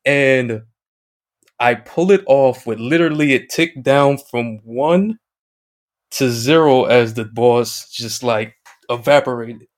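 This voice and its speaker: Excitable man telling a gaming story. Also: mid-range voice, slow. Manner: excited storyteller, acts out quoted chat, mild swearing. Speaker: guest, video game streamer. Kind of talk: casual anecdote on a podcast.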